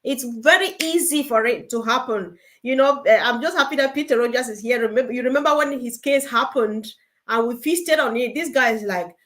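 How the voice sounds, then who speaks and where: Woman, meeting co-host, higher voice, animated and exhorting. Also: brisk. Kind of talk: online group call.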